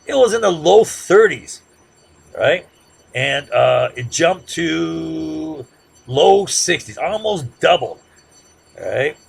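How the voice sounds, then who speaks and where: A man giving a classroom lecture in a conversational way, often checking in with "right?" and growing loud and heated as he makes his points. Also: a little high, sing-song, slow pace, creaky, slightly rough. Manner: conversational, peppers sentences with "right?"; gets loud and heated when making a point.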